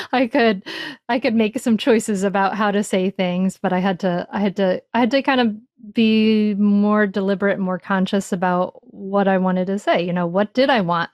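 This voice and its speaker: A reflective woman speaks as an interview guest about her own experience, circling back and restarting her thoughts with many "you know"s. Her voice sits at a middle pitch. The recording is dry and close, with almost no room sound. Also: darkish tone, dry recording, lo-fi sound. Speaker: parenting author guest. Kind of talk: conversational interview answers.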